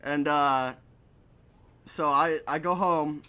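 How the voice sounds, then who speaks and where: A man's voice: on the high side, steady tone, slow, bright, forceful tone, clear, resonant tone. A young man telling a story in a casual chat, swearing a lot and laughing between lines. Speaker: podcast guest.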